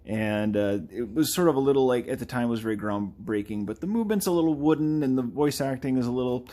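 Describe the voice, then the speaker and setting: Casual male artist streaming his drawing, chatty and lively, sometimes slips into character voices. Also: medium pitch, fast. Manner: chatty, animated, playfully does game character voices. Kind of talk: casual chat while drawing.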